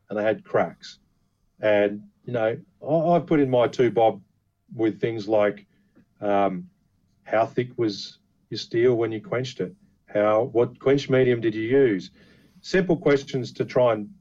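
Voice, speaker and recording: A man co-hosting a podcast chats casually about knife making, blunt and swearing freely. He has a medium-pitched voice with a dark tone, recorded with dull lo-fi sound.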